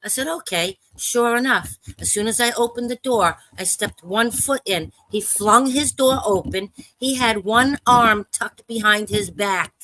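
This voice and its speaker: A woman on a live panel discussion telling an urgent personal story in a halting way, with restarts and swearing. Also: on the high side, sharp tone, a little hiss or hum, poor audio. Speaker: panel caller.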